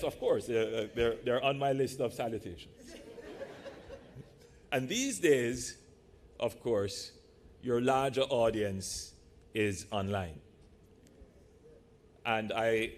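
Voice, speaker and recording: Guy, politician speaking slow and deliberate at a mic in a big church hall, throws in little jokes. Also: medium pitch. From Jamaica. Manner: measured, deliberate delivery with playful asides. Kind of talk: public speech to a live audience.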